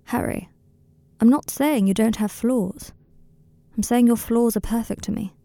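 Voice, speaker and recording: A woman voicing an earnest, tender young male wizard in an audiobook reading of a fan story, speaking in a softly confiding, slightly rambling way. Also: a little high, measured pace, no room sound, pitched above the performer's own voice.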